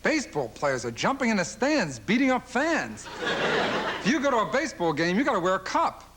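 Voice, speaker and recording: A man's voice: very animated, heavy background noise. A male stand-up comedian, firing off observational jokes on a late-night talk show and mimicking fans in silly voices. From Philadelphia. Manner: rapid-fire observational jokes, mimics fans and dog owners in high voices. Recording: old television broadcast with loud audience laughter. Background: studio audience laughing.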